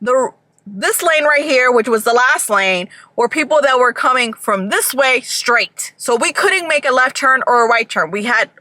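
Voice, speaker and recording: Young woman vlogger, high, bright voice, dry close sound, chatty and animated, swears a lot. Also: normal speed, dry recording. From Georgia. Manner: animated, swearing, acts out people in bursts. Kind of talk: casual storytime chat.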